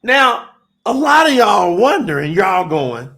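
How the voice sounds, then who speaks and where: High, gravelly-voiced fiery male preacher. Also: sing-song, measured pace. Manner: fiery and emphatic, rising to shouts; addresses the audience as y'all, loose and conversational between points. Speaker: preacher hosting a livestream. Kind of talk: livestream sermon and chat with viewers.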